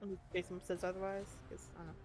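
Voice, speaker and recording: A woman's voice: fairly low pitch, level tone, racing, darkish tone. A woman playing a tabletop game in casual chat, thinking aloud as she plays. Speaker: player.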